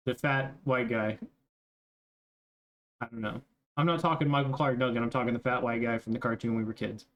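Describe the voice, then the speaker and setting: A man's voice: mid-range voice, slight background noise. A young man narrating as game master, casual and rambling, with many fillers.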